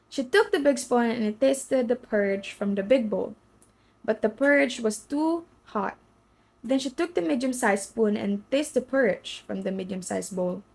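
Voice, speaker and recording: A woman's voice: on the high side, vocal fry, a little mellow, low-quality recording. A woman reading a children's story aloud as storyteller, with slips and restarts.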